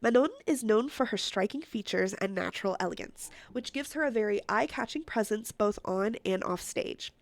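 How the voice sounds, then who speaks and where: A woman reading a scripted narration in a smooth, read-out way. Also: medium pitch, normal speed, hardly any pauses, no echo.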